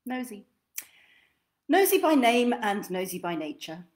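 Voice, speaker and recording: A woman reading a children's picture book aloud in an expressive, sing-song storytelling manner. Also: on the high side, unhurried.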